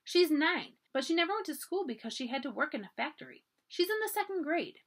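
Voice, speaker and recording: A woman's voice: high voice, big pitch swings, brisk, fairly bright tone, voice pushed up, heavily acted. A woman reading aloud as a spirited young girl from long ago, eager and firm with her friends. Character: earnest, spirited young girl, Edwardian era.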